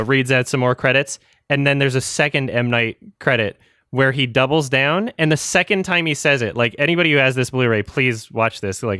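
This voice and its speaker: A man co-hosting a film podcast, talking loosely and laughing between thoughts. His voice sits at an ordinary middle pitch, recorded close and dry with no room sound. He circles back and restarts his sentences as he goes. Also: pushed and bright, clean tone, no echo. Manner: rambling storytelling with frequent laughter and restarts. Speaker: podcast co-host. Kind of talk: casual chat.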